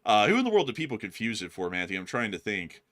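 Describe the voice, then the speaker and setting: A man co-hosting a casual live stream, answering a viewer's question in a brisk, analytical way with many fillers. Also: on the low side, sing-song, a bit bright. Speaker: co-host.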